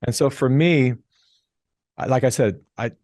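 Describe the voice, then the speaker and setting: A middle-aged man telling a story as a podcast guest, animated and acting out the people he quotes. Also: mid-range voice, a little slow, no echo, clean studio sound. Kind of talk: casual storytelling interview.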